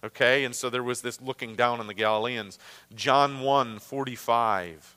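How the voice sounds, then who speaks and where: Bright-voiced Great Lakes man teaching scripture. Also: mid-range voice, fairly even intonation, normal speed, clean tone, in a large hall. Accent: Great Lakes American. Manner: conversational, with frequent fillers and restarts. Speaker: Bible teacher. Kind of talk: Bible lesson.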